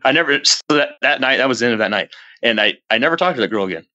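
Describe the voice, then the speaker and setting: A man telling a personal story as a podcast guest, earnest and rambling, with many restarts, jumping up in pitch when he acts out his own past lines. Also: animated, very fast, bright, forceful tone, no echo, lo-fi sound. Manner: earnest, rambling retelling with frequent restarts and fillers. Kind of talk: casual storytelling in an interview.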